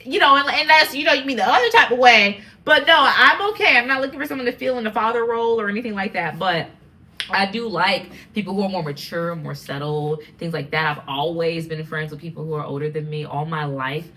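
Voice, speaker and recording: An American woman in her twenties hosting a casual solo podcast chat, animated and rambling, with frequent laughs. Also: mid-range voice, fairly quick. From United States. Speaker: podcast host.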